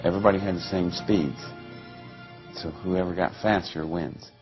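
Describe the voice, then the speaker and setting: A man being interviewed, telling a long story in a lively way and acting out the voices of people he quotes. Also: low voice, moderate pace, dull audio, music in the background. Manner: animated, acts out quoted voices. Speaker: interview guest.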